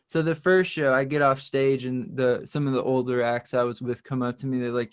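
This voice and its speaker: A man with a mid-pitched voice tells a long, rambling story as a country musician guest. He pokes fun at himself and laughs easily between thoughts. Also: fairly even intonation, fairly quick, hardly any pauses, clean tone. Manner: rambling, self-deprecating, laughs often. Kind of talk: casual interview storytelling.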